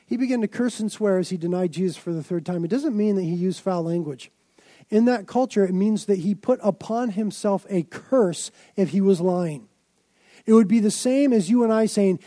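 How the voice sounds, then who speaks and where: A man preaching a sermon in a fairly high yet mellow voice. He tells his stories dramatically, piling up emphatic phrases, and the recording is dry and close. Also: normal speed, no echo. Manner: dramatic storytelling, emphatic build-ups. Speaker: pastor.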